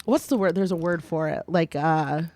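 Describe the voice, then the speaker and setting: A woman co-hosting a podcast in casual chat, expressive and quick to laugh. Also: low voice, no room sound. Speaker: podcast co-host.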